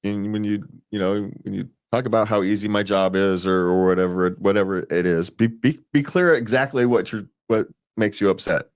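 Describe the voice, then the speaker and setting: Lowish man giving rambling relationship advice. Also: steady tone, brisk, hardly any pauses. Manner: rambling, restarts and repeats words, chuckles often. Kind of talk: casual advice chat.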